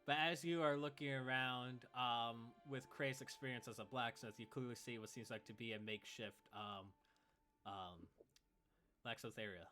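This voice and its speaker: Male game master, casual filler-heavy narration, bright forceful tone. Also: medium pitch, fairly even intonation, moderate pace, soft background music.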